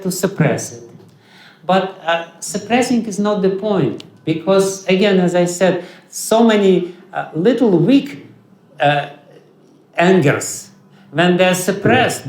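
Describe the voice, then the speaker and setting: Russian-accented male teacher, high-ish voice, halting lecture, roomy echo. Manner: halting, many fillers and restarts. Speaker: spiritual teacher. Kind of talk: lecture on scripture. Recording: echoey hall.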